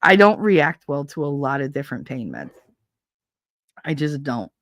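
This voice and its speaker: Lower-pitched woman telling rambling stories. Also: moderate pace, no room sound, studio quality. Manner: rambling and animated, swears freely, laughs often. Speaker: streamer. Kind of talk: casual storytelling chat. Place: home streaming setup.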